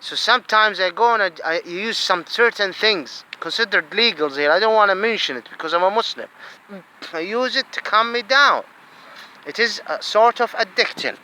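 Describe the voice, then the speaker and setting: A man tells a personal grievance, halting and repeating words with many fillers. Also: high voice, lively intonation, sharp tone, low-quality recording. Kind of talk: personal complaint to camera.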